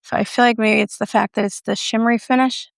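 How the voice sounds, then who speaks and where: A woman's voice: on the high side, flat delivery, quick pace, vocal fry, dry recording, studio quality. A woman giving a casual makeup review with a playful, chatty manner and joking asides. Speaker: beauty vlogger.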